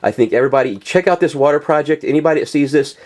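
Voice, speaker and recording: A man's voice: fairly high pitch, racing, darkish tone. A man ranting in a casual, profane monologue, full of fillers and restarts, addressing viewers directly. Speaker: political video commentator.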